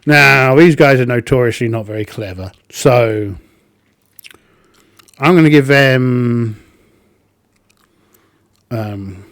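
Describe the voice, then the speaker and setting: A man's voice: mid-range voice, slow pace, pauses often, fairly bright tone, no room sound. A man narrating his solo tabletop game, thinking aloud with plenty of ums.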